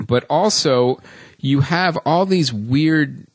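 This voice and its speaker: A man's voice: fairly high pitch, slow pace, no room sound. A man co-hosting a film podcast, reviewing a movie in casual chat, rambling with many ums and restarts.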